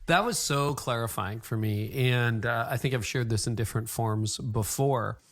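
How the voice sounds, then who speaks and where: A man's voice: mid-range voice, normal speed. A man hosting a podcast, reacting and asking reflective questions. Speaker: podcast host. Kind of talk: podcast interview.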